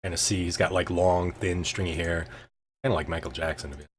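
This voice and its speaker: A man's voice: low-pitched, steady tone, brisk, a little hiss or hum. A man narrating a tabletop game as game master, in a loose, hesitant way full of ums and filler words.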